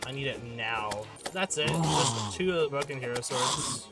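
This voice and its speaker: Rambling young man over loud game music. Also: medium pitch, normal speed, vocal fry. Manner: rambling, self-mocking, swings between mumbling and loud outbursts. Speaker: gaming YouTuber. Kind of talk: casual gameplay commentary.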